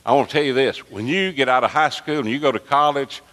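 A pastor preaching with fervor, his bright, forceful voice swelling toward near-shouts. He is recorded in a church sanctuary whose long reverb trails each phrase. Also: medium pitch, fast. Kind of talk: sermon.

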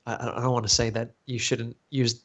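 American guy on a podcast, earnest, thinks out loud, keeps rephrasing. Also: medium pitch, level tone, normal speed. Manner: thoughtful, earnest, explains at length with restarts. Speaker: podcast co-host, teacher. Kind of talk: casual podcast discussion.

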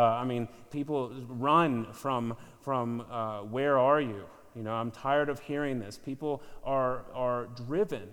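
A man preaching a sermon, earnest and building to emphatic peaks, with quick self-correcting asides. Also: mid-range voice. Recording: long hall reverb.

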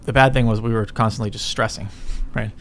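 A gravelly, lowish voice with fairly even intonation comes from a middle-aged entrepreneur talking a little fast as an interview guest. He rambles casually, swears frequently, and punctuates ideas with "right?", while a faint hiss or hum sits in the background.

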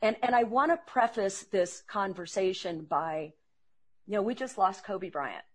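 A woman who trains salespeople, speaking as an interview guest and telling earnest, animated stories. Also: mid-range voice, measured pace, breathy edge.

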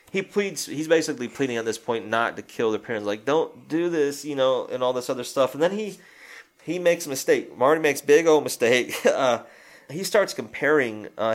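Rambling, profane man recapping a film. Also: medium pitch. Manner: rambling, profane, retells scenes through quoted lines. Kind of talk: casual chat recapping a film.

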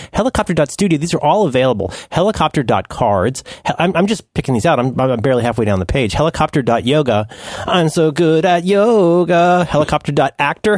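A man's voice: a little high, dry recording, clean studio sound. A man co-hosting a podcast in casual chat, playful and riffing, dropping into silly voices now and then. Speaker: podcast co-host.

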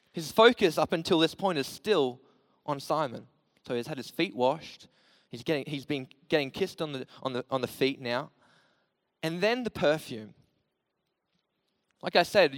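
High-voiced passionate male preacher. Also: no room sound, big-room sound. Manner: passionate, swinging from loud emphasis to soft low storytelling. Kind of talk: sermon.

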